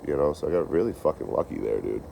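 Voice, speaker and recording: A young man with a very low voice tells loose, swear-filled road stories in a casual live-stream ramble. He is recorded outdoors on a phone, and clear background noise runs under his voice. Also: sing-song, fast talker, warm tone. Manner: rambling, profane storytelling. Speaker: train-hopping traveler vlogger.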